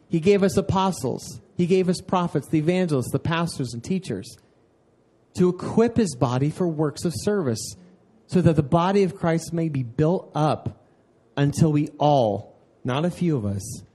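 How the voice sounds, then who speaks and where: Earnest conversational male pastor, mellow voice. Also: on the high side. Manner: conversational and earnest, with repeated "man" and quick asides. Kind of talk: sermon.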